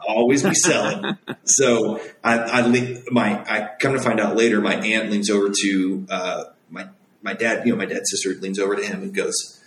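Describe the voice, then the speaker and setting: A young clothier in his twenties tells a story in an earnest, rambling way full of fillers. His voice sits low. The recording has a roomy echo and a faint background hiss. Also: level tone, normal speed. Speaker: guest, made-to-measure clothier. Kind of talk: casual storytelling. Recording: echoey room.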